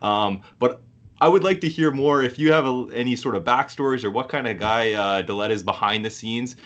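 A man from Ontario hosting a podcast, asking halting questions with many fillers. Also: mid-range voice, fairly bright tone. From Ontario, Canada. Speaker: podcast host. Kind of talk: casual interview questions. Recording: dull lo-fi sound.

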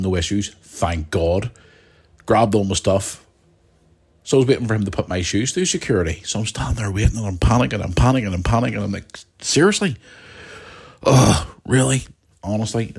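This young podcast host has a low, darkish, slightly rough voice. His casual storytelling monologue wanders at length, full of restarts and side comments to the audience.

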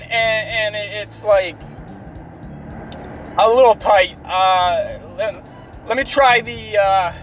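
A man with a high, light voice rants about his day, swearing freely and sounding fed up throughout. He talks from inside a car, with faint music playing in the background. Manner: profane, exasperated ranting. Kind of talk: ranting story.

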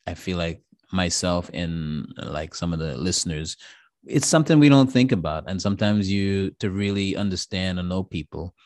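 A man with a lowish voice hosts a podcast in easy conversation, laughing readily and circling back on his sentences. It is recorded close and dry. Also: lively intonation, normal speed, darkish tone, dry recording. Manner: talkative, laughs easily, restarts his sentences. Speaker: podcast host. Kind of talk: casual podcast chat.

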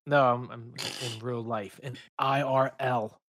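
A man's voice: mid-range voice, fairly even intonation, a little slow, a bit bright, no room sound, clean studio sound. A man in a casual podcast chat who teases and cracks jokes. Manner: teasing, jokey.

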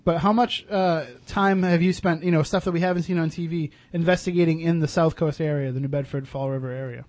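A man's voice: a little high, steady tone, fast, darkish tone. A man hosting a radio talk show, chatting casually with many fillers and restarts.

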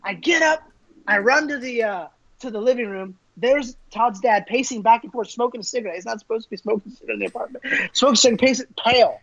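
A man's voice: very high voice, quick pace, a bit bright, highs cut off. A man, a minister, telling stories in a casual interview, acting out the voices he quotes and laughing often.

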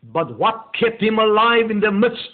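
A male pastor delivering a meditative sermon, slow and deliberate, leaning hard on key words. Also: sits high, very animated. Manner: slow, deliberate preaching with drawn-out emphasis. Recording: tinny phone-like audio.

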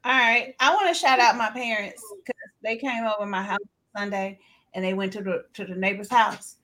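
A woman co-hosting a sports talk show, telling stories in an animated, laughing way. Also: mid-range voice, normal speed. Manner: animated storytelling, laughs often. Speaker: podcast co-host. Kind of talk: casual chat.

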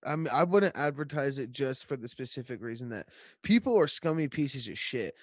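A man's voice: medium pitch, expressive, brisk, no room sound, studio quality. A young man co-hosting a podcast, blunt and crude, swearing freely. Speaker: podcast co-host. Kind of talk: casual podcast chat.

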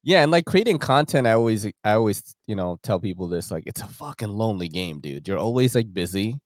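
Brief: easygoing male host, mid pitch, lively intonation, dry sound. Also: a little fast, no echo. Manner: laid-back, laughs often, slangy. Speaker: podcast host. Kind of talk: casual podcast chat.

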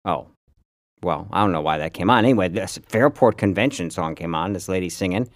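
Man, fifties, from upstate New York, very deep voice, rambling storyteller, dry close mic. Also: fairly quick, dry recording. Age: 50s. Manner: chatty, rambling storyteller with frequent fillers. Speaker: podcast co-host. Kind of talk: casual chat.

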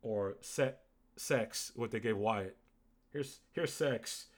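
A man's voice: lowish voice, slow. A man co-hosting a podcast in casual chat, rambling and joking with lots of fillers. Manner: rambling, jokey, with many fillers. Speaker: podcast co-host. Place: lives in Dallas.

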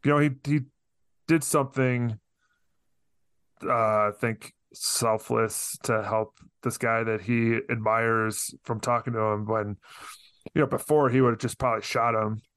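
Smooth-voiced man, thoughtful guest. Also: medium pitch, fairly even intonation, measured pace, fairly bright tone, no echo. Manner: thoughtful, hesitant with many restarts. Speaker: podcast guest. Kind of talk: casual film discussion.

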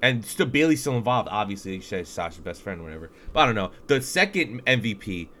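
A man co-hosting a podcast, chatting casually and excitably about wrestling, swearing now and then. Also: on the low side, fairly quick, a little hiss or hum. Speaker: podcast co-host.

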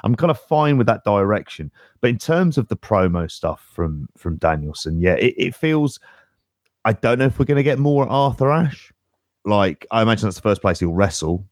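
A man with a very deep voice co-hosting a podcast, hedging his points in relaxed casual chat. His voice is recorded close and dry, with no room sound. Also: moderate pace, no room sound. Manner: hedging, many fillers like "kind of". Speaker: podcast co-host.

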